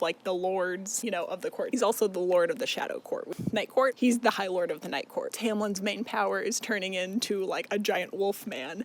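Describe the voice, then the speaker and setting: A man's voice: sits high, fairly bright tone, slight background noise. A young man casually recapping a novel, rambling with lots of filler words and swearing, often laughing. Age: young adult. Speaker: book recap vlogger.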